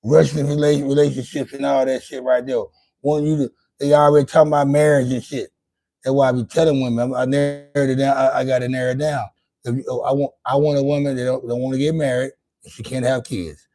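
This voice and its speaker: A man hosts his own livestream in a casual monologue, talking loosely and profanely to his chat and rambling with lots of restarts. His mid-range voice is warm and level in tone, moving fairly quickly.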